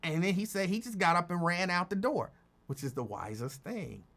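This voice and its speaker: Male talk host, animated storyteller who acts out quotes. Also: moderate pace. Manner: animated, acts out quotes with big pitch jumps. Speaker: radio host. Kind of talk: casual storytelling chat.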